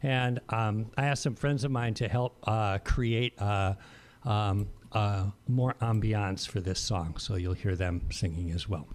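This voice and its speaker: A man's voice: on the low side, unhurried. A man introducing his song on a video call, hesitant and full of fillers. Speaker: chantey singer.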